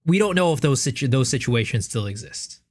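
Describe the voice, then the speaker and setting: A man's voice: mid-range voice, animated, fairly quick. A man streaming live, chatting casually and thinking aloud as he answers viewer questions, with frequent restarts.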